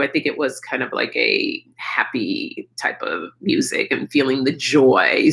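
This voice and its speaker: A woman's voice: deep voice, creaky, rough recording. A middle-aged woman hosting a live chat, talking frankly and personally about her feelings and swearing freely. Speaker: livestream host.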